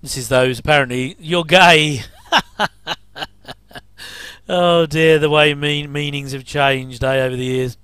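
Middle-aged man, casual watch-along commentator, smooth and close-miked. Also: a little high, fairly even intonation, measured pace, pauses often, a bit bright, no room sound. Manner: chatty, jokey asides with chuckles. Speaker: commentary host.

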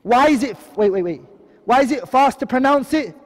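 A man teaching a tajweed lesson online, quickly reciting Arabic terms and then explaining them in English, often asking a question and answering it himself. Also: very high-pitched, expressive, long reverb tail. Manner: quizzing, asks and answers his own questions.

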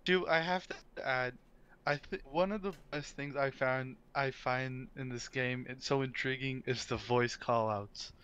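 Caster: smooth, resonant male voice, eager and emphatic. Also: medium pitch, steady tone, a little slow, a bit bright, muffled recording. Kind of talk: casual stream chat.

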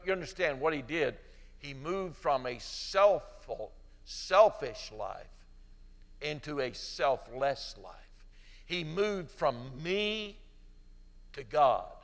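A middle-aged man preaches with fervor, his fairly high voice rising to emphatic peaks and then falling to soft, pleading tones as he calls listeners to pray. His voice carries a long reverb, as if it fills a church hall. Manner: leads an altar-call prayer in a hushed voice. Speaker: pastor. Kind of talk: sermon.

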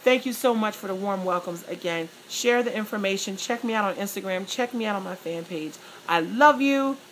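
Brief: woman vlogger, excited and gushing, casual chat to her fans, mid-pitched voice, faint noise behind. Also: normal speed, rough recording. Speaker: vlogger and plus-size model.

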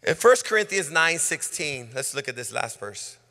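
Rousing preacher in a reverberant church. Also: male voice, on the high side, sing-song, moderate pace, pushed and bright. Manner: rousing, call-and-response preaching. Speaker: pastor. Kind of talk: sermon. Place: large church sanctuary. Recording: long reverb of a church hall.

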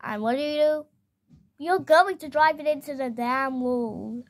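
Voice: high voice, unhurried. A child voicing a bossy, short-tempered toy fox who scolds a friend in a plush toy video. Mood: scolding. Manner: bossy, scolding, mock-threatening. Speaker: puppeteer voicing plush toys.

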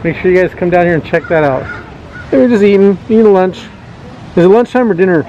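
A man's voice: sits high, fast, warm tone, muffled recording, slight background noise. A man casually vlogging on a zoo visit, joking and chatting to his viewers. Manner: jokey, chatty, talks to viewers. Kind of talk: casual vlog commentary. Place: outdoors at a zoo.

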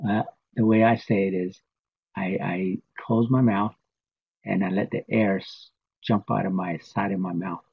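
A man whose first language is Navajo, teaching a casual, patient spoken lesson and repeating words slowly for learners. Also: low-pitched, fairly even intonation, gravelly, slightly rough. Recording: tinny phone-like audio.

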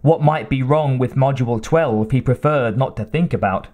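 Steady and measured, a male narrator with a mid-range voice reads scripted audiobook material.

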